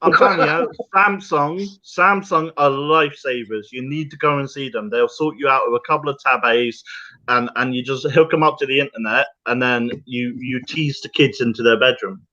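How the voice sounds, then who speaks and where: A man talking as a guest on a livestream. He rambles cheerfully and jokes a lot, laughing between thoughts. His voice comes through as dull, lo-fi call audio at a middling pitch. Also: moderate pace, sharp tone. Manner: rambling and jokey, laughing often. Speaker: guest, small business owner. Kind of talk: casual chat on a livestream.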